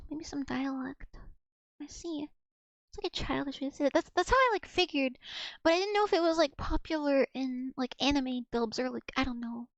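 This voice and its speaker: In a dry, lo-fi recording, a young woman practices Russian words aloud during a relaxed livestream. She keeps up a chatty, self-mocking patter full of "like," her voice sitting high at a moderate pace.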